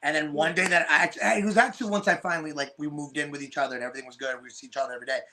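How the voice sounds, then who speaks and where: Middle-aged man, wrestler, fairly high voice, storytelling, laughs, voices other people. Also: fairly even intonation, racing, bright, forceful tone. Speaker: wrestler in a father-daughter tag team. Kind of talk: animated storytelling in an interview.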